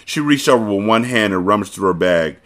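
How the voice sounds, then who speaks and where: Lively low-voiced man reading aloud. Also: a little fast. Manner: breaks off to joke and comment. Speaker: podcast host reading a novel aloud. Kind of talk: casual audiobook reading with commentary.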